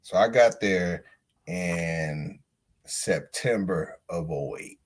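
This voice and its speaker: A man hosting a podcast, telling a story in a casual monologue. He talks in slang and swings between loud outbursts and low mutters. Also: slow pace. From United States. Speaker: podcast host.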